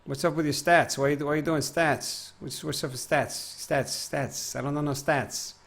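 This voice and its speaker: A man's voice: fairly high pitch, steady tone, moderate pace, vocal fry, fairly bright tone. A man in his twenties chatting casually with his live-stream audience while gaming, rambling, reading chat aloud and breaking into silly sing-song bits. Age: 20s.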